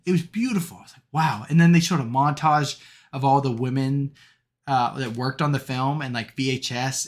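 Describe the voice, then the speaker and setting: A young man with a bright, forceful voice, chatting about a film on a podcast. He rambles, fills gaps with "um" and "like," and laughs as he retells the jokes. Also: medium pitch. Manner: rambling, many fillers, laughs while recounting jokes. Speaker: podcast co-host. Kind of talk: casual movie review chat.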